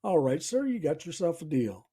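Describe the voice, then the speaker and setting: A man's voice: fairly high pitch, big pitch swings, normal speed, dark tone, slightly rough. A man playing an eager, polite patron at a bar in a joke he tells. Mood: sly.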